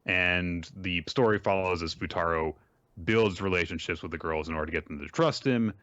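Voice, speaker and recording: A man hosting a podcast, summarizing a manga series in a rambling, measured way with lots of fillers. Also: low-pitched, a bit bright, no room sound. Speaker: podcast host. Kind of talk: casual chat and series summary. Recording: dry, dull lo-fi mic.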